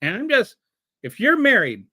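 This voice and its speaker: A man hosting a show of casual political commentary, talking in an animated way with frequent restarts and rhetorical questions. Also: very high-pitched, normal speed, slightly rough, dry recording, clean studio sound. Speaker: show host.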